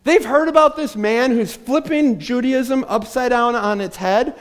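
A man's voice: very high voice, a little slow. A man preaching a sermon from a church stage, telling the story with animation and acting out the voices of the people in it. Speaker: pastor.

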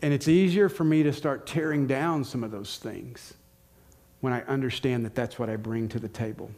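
Earnest Southern pastor preaching a sermon. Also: male voice, medium pitch, normal speed, darkish tone. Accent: Southern American. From United States. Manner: earnest, questioning, repeats key lines for emphasis.

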